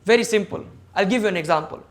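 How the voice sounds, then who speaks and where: Over a video call, a high-voiced man talks at a quick pace as guest speaker for a service club forum, giving a motivational talk on public speaking. He's emphatic, enumerating each point and putting questions straight to his audience.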